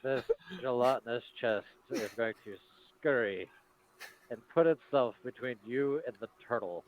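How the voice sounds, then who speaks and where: A man's voice: medium pitch, a little slow, muffled recording, a little hiss or hum. A man at a tabletop game casually describing a scene. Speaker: player.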